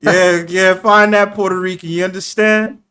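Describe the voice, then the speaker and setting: A rowdy man, his voice sitting a little high for a man. He leads a casual panel chat, laughing a lot, swearing freely and slipping into the voices of the people he quotes. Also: fairly even intonation, normal speed, pushed and bright, clear, resonant tone. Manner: boisterous, profane, laughs often, acts out quoted voices. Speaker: host of a live panel stream.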